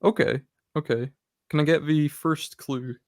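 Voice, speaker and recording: Bloke guessing films out loud, echoes back each clue, dry close sound. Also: male voice, on the high side, fairly even intonation, unhurried, gravelly. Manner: thinks aloud, repeats clues back. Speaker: podcast co-host guessing films. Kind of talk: casual movie quiz chat.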